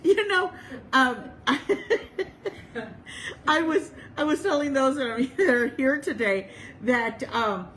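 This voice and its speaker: A bubbly woman chaplain with a fairly high voice tells a story in a loose, chatty way and laughs often as she goes. She slows to a measured pace whenever she recites a prayer or a verse of scripture. A faint hiss of noise sits behind her. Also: fairly bright tone, poor audio. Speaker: chaplain and reverend leading a service. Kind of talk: casual, storytelling sermon.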